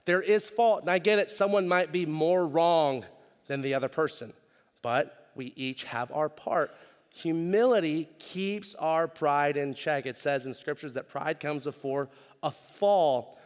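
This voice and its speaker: A man preaching a sermon as pastor, talking in a conversational way with self-deprecating humor and repeating key lines for emphasis. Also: on the high side. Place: church auditorium. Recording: long reverb of a church hall.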